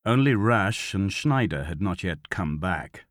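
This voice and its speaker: A male narrator reads a thriller novel in a steady, measured voice that sits on the low side. The sound is close and dry, with no room echo. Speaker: audiobook narrator. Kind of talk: scripted narration.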